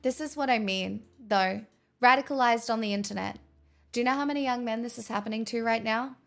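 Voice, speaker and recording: A woman's voice: a little high, a little fast, vocal fry, fairly bright tone, soft background music. A woman streamer giving heated, swearing commentary on news stories. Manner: angry, swearing, mocking sarcastic.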